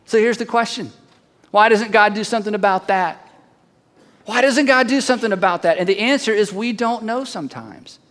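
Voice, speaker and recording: A male pastor preaching a sermon, swinging dramatically from loud declarations to near whispers, with rhetorical questions and repeated refrains. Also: high voice, moderate pace.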